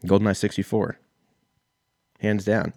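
Deep-voiced rambling man, dry close mic. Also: level tone, measured pace, a little mellow, no echo. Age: 30s. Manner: rambling, profane, self-mocking. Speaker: podcast host. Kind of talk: casual solo podcast storytelling.

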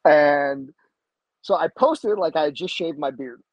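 A man recounts a story as a podcast guest, his voice sitting a little high and jumping even higher when he acts out other people's lines. The delivery is casual and animated. The recording sounds a bit dull and dry, with no room echo. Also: unhurried. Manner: animated, acts out quoted voices with big pitch jumps. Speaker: podcast guest, jiu-jitsu black belt.

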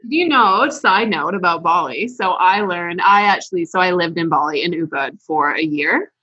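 A woman hosting a casual interview, chatting in a relaxed way with many fillers. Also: on the low side, moderate pace, husky, no room sound. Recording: dull, dry, lo-fi sound.

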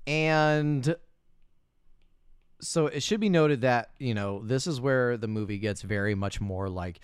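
A man's voice: medium pitch, slow, clean tone, no room sound, studio quality. A man co-hosting a casual movie review chat, musing and hedging with fillers as he talks it through. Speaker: podcast co-host.

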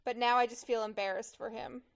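A young woman co-hosting a podcast, chatting excitedly and quickly about a movie while watching it. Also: on the high side. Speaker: podcast co-host. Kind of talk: casual movie watch-along chat.

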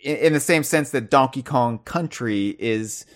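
A man co-hosting a podcast in casual chat, animated and thinking aloud, often restarting and repeating words. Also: unhurried. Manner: animated, puts on a loud booming trivia voice. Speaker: podcast co-host.

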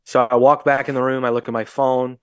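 A man's voice: mid-range voice, level tone, brisk, fairly bright tone, smooth, no echo. A young Midwestern American man co-hosting a podcast from a remote call, blunt and sardonic, swearing freely as he tells a story. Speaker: podcast co-host. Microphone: remote call mic.

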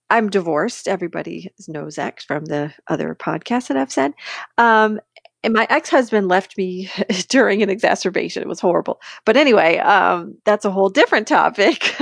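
A woman's voice: medium pitch, creaky, no echo, clean studio sound. Candid woman telling a story. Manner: animated, candid, laughs between sentences. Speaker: podcast co-host. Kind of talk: casual storytelling chat.

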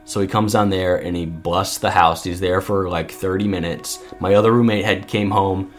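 Podcast co-host, low male voice, lively storyteller who acts out quotes, soft music under. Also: normal speed. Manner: animated storyteller acting out quotes, many fillers. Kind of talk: casual storytelling.

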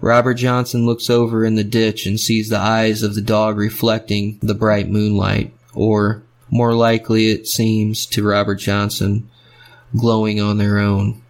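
Male storyteller: rhythmic, fragmentary narration, low pitch, little melody. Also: level tone, measured pace.

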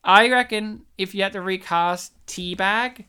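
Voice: medium pitch, measured pace, bright, forceful tone, clear, resonant tone. A podcast co-host in casual chat, joking, teasing and swearing freely.

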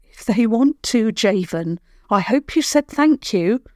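A woman voicing a sharp, blunt old woman herbalist in a children's story, curt and brusque. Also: fairly high pitch, animated, a little slow, dry recording, studio quality, pitched above the performer's own voice.

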